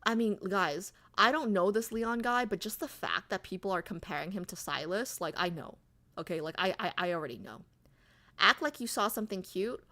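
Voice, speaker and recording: A woman's voice: medium pitch, moderate pace, creaky, bright, forceful tone. A woman streamer in casual livestream chat, chatty and giggly, reading viewer comments aloud.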